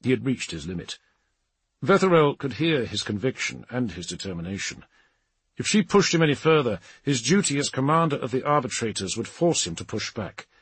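Husky, expressive male audiobook narrator. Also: mid-range voice, dry recording. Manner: dramatic, expressive reading. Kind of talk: scripted narration.

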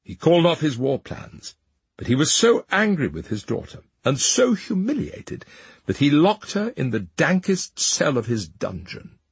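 Very breathy male storyteller. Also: on the high side, unhurried, no echo. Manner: expressive, dramatic reading. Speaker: narrator. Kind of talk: storybook narration.

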